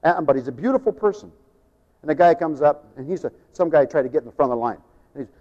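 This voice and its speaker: An older man preaching a sermon as pastor, telling folksy stories, acting out voices and rising to shouts. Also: on the high side, fast talker. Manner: folksy storytelling, acts out voices, rises to shouting. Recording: dull lo-fi sound with long hall reverb.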